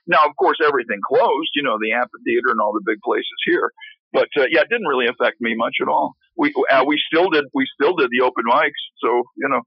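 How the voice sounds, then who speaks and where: A man's voice: mid-range voice, fast, breathy edge. A man, a musician guest on a radio show, chatting loosely about his life with the flair of a showman and many restarts. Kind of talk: casual interview talk. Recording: dull, lo-fi radio sound.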